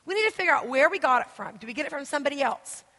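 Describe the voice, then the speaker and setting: A woman from the United States preaches to a church crowd in a loose, rambling way, stacking stories with "like" and "you know." Her voice sits high and sounds bright and lively. The long reverb of a big church hall trails behind each line. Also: rapid-fire. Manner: chatty, rambling storytelling with many fillers. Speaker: guest minister. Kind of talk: interactive sermon teaching.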